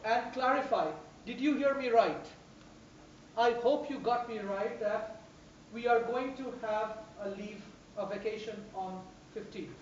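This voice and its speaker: A woman's voice: a little high, measured pace, a little hiss or hum. Emphatic woman trainer in an echoey room. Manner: animated, emphatic, repeats phrases for stress. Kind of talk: classroom instruction. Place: large echoey classroom. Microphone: distant room microphone. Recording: echoey, distant, dull room recording.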